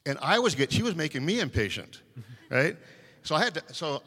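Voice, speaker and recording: A man's voice: fairly high pitch, big pitch swings, a little fast, a bit bright, breathy edge. A man speaking as a personal evangelist, telling a story in casual talk with many fillers and restarts. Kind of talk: casual testimony in a panel discussion. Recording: long hall reverb.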